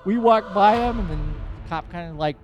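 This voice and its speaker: A man hosting a podcast, telling a personal story in a rambling, animated, profane way. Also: high-pitched, fairly quick, faint music behind. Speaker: podcast host.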